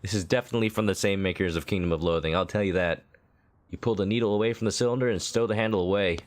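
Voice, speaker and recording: A man's voice: sits low, rapid-fire. A male game streamer reading game text aloud and joking, slipping into a mock southern drawl.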